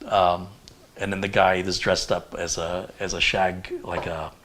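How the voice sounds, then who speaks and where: A man's voice: deep voice, a little slow, slight background noise. Chatty middle-aged man rambling animatedly. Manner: animated, rambling storyteller with fillers. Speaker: host. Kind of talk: casual livestream chat.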